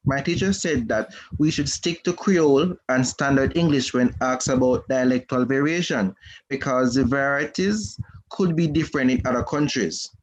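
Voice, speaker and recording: A man reading a question from the chat aloud to a teacher, hesitant, with frequent pauses. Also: medium pitch, lo-fi sound.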